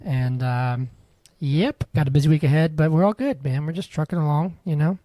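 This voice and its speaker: A man's voice: on the high side, normal speed, dark tone, no echo. A young man co-hosting a podcast, chatting casually and joking around with wheezy laughs. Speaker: podcast co-host. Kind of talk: casual chat.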